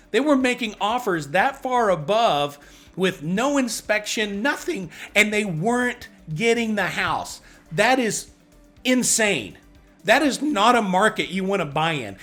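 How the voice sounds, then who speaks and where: Animated male real estate agent. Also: high-pitched. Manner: animated and chatty, with sudden bursts of excitement and self-mocking asides. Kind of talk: casual explainer walking through market charts.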